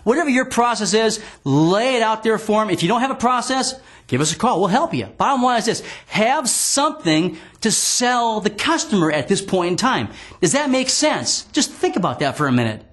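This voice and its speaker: A male sales trainer with a fairly high voice delivers a studio training lecture. He talks emphatically, repeats key words for weight and slips into sample call lines to demonstrate. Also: very animated, moderate pace, fairly bright tone. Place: green screen studio.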